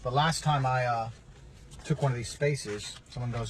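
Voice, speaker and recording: A man's voice: medium pitch, normal speed, noisy background. A man ranting in a brash, combative and mocking way, with a lot of swearing. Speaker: media personality. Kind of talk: brash profane rant.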